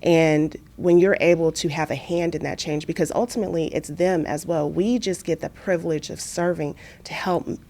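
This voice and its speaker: Speaking with hardly any pauses, this Kansas woman, both an author and an entrepreneur, keeps a moderate pace and a voice that sits low. As an interview guest she reflects earnestly on her faith and work, sounding testimonial and growing animated over her stories.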